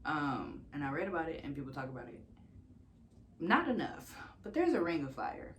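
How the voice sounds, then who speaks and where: A woman's voice: deep voice, very animated, moderate pace, a bit bright, slight background noise. A young woman from the United States telling her own story in a casual, candid vlog, swearing freely and laughing often. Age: young adult.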